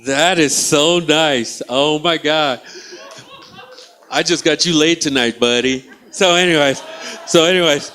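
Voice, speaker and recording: A man's voice: fairly high pitch, unhurried, pushed and bright. A male stand-up comedian teasing and riffing with the audience from a small theatre stage. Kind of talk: stand-up crowd work.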